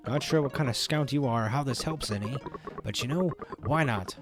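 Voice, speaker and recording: A man's voice: medium pitch, fairly quick, music in the background. A man casually chatting to his viewers while streaming a video game, in a rambling, easygoing way. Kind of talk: casual let's play commentary.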